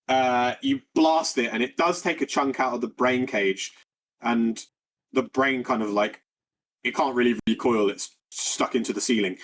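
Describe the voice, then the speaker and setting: A male game master narrates a tabletop game, rambling along with plenty of fillers and restarts. His voice is medium in pitch, slightly slow, and a bit bright.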